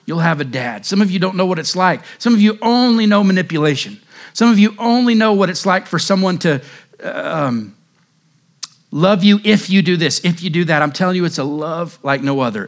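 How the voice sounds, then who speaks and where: A man's voice: on the high side, lively intonation, normal speed. A male pastor preaching a sermon in an impassioned, emphatic way.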